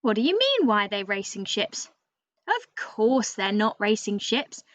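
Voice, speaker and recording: A woman's voice: mid-range voice, big pitch swings, unhurried, no echo. A woman reading aloud as a cheeky, boastful male raven who bosses the listener around, in a storybook voice. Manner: cheeky, bossy, talks straight to the listener. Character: cocky chatty male raven, boastful know-it-all. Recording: dull lo-fi dry recording.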